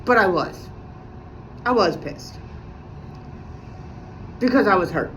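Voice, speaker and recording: A woman's voice: medium pitch, expressive, takes it slowly, a bit bright, a little hiss or hum. Sarcastic lady ranting on her vlog, swears a lot, voice all over the place. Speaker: vlogger. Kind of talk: casual venting monologue.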